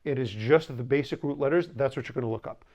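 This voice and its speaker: A man's voice: medium pitch, fast talker, a little mellow. A man teaching a language class, stressing points emphatically, drilling pronunciation with students and slipping in dry jokes. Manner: dry humorous asides.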